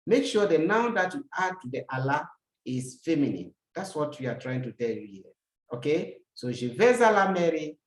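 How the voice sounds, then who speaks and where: A language teacher giving a recorded lesson, repeating each example sentence, translating it and asking the learner rhetorical questions. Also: medium pitch. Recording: roomy echo.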